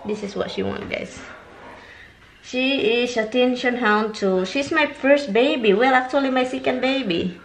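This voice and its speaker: A woman's voice: on the high side, unhurried, rough recording. A woman from the Philippines, chatting casually at home in a rambling vlog and talking to her pets. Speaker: vlogger.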